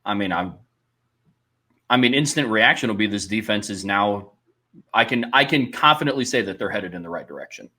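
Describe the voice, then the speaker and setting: A man's voice: lowish voice, lively intonation, brisk, sharp tone. A man co-hosting a sports podcast, thinking aloud and weighing both sides in casual talk. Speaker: podcast co-host.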